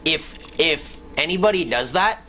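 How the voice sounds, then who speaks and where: A man's voice: fairly high pitch, lively intonation, a little slow, sharp tone, a little hiss or hum. A man co-hosting a podcast from a hotel room, telling a story in a heated, profane way. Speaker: podcast co-host. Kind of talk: casual chat.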